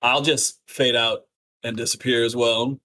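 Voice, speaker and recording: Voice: mid-range voice, flat delivery, measured pace, bright, forceful tone. A player in a tabletop game, chatting casually. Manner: laughing, casual.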